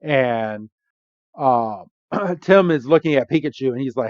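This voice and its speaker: A man's voice: mid-range voice, measured pace, no room sound, lo-fi sound. A man co-hosting a podcast, recapping a movie in casual chat and acting out the characters' lines. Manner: animated, acts out characters' lines with a raised voice. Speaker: podcast co-host.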